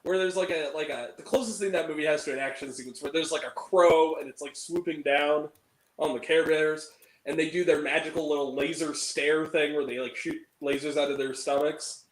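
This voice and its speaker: A man's voice: a little high, fairly even intonation, a little fast, echoey room, low-quality recording. A man hosting a movie review, ranting animatedly and swearing freely in casual chat.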